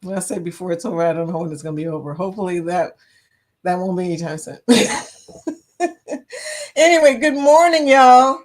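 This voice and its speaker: A woman's voice: on the low side, fairly even intonation, racing, warm tone. Chatty Southern woman hosting a livestream. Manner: chatty, laughs often, greets chat viewers by name. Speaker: livestream host. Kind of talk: casual livestream chat.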